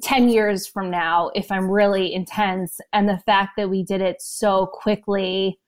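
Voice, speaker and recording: A woman's voice: mid-range voice, fairly even intonation. A woman in her thirties telling her story as an interview guest, emotional and close to tears. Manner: emotional, talks in quick bursts. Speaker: podcast guest.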